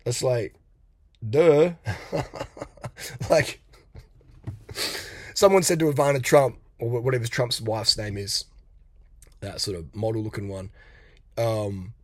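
A man's voice: mid-range voice, takes it slowly, pauses often, a little mellow, no echo. A middle-aged man giving a blunt, profane motivational rant as a coach, mocking and laughing often. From Australia.

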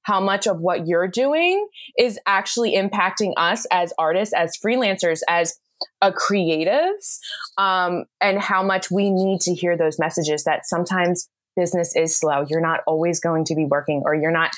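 A woman's voice: fairly low pitch, moderate pace. Chatty, effusive woman podcast guest. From United States. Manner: effusive, talkative, laughs often. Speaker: podcast guest, bridal makeup artist. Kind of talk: casual interview chat.

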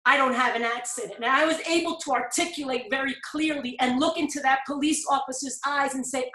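A woman's voice: high voice, fairly even intonation, fairly quick, hardly any pauses, sharp tone. A middle-aged woman telling a personal story earnestly in an interview, her voice rising in pleading emphasis. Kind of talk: personal testimony in conversation. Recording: echoey room.

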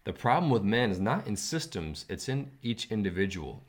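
Deep-voiced earnest man talking. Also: sing-song, normal speed. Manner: earnest, preachy storyteller. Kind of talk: casual commentary chat.

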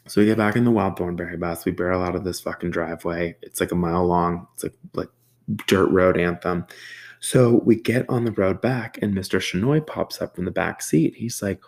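Gravelly low-voiced man storytelling. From United States. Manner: animated, profane, mimics sounds. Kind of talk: casual storytelling.

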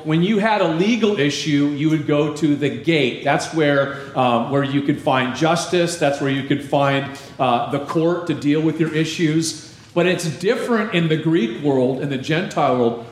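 A man preaching a sermon as pastor, lively and emphatic, slowing down to read scripture aloud. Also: a little high. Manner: animated preaching, slows for scripture reading. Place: church. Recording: echoey church hall.

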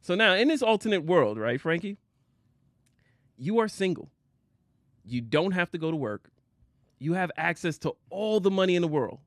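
A man's voice: high voice, lively intonation, normal speed, long pauses, no echo, studio quality. A man co-hosting a casual chat show, teasing his partner and laughing often. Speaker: podcast co-host.

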